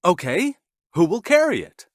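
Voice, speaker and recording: A patient, hardworking storybook cockerel calls out eagerly and loudly, as a man puts him on. The voice is pushed up high and leaps all over its range. The recording is dry. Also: sing-song, moderate pace, dry recording. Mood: calling, eager.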